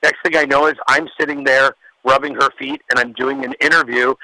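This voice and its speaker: Bright-voiced male radio DJ. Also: medium pitch, fairly even intonation, no echo, rough recording. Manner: heartfelt, reflective, halting. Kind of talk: recorded tribute message.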